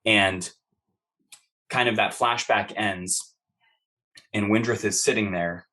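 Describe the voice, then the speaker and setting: Male game master, low and forceful, narrates a fight in loose, profane, filler-heavy style. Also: fairly even intonation, slow. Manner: vivid, profane, rambling narration with many fillers.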